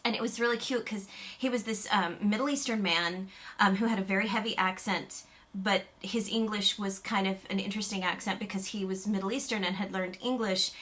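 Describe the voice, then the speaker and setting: A woman's voice: medium pitch, steady tone, fairly quick, a bit bright. An American woman vlogging to camera in casual chat, chatty and rambling with frequent fillers, restarts and little laughs. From United States. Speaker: YouTube vlogger.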